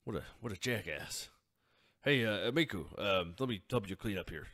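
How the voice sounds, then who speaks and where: A man's voice: fairly low pitch, lively intonation, normal speed, a bit bright. A man playing a blunt, protective adventurer. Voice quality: blunt, gruff.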